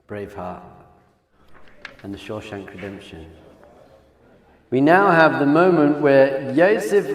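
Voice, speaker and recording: A man, a rabbi, giving an animated Torah class, swinging between hushed lines and loud exclamations. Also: medium pitch. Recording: echoey hall sound effect.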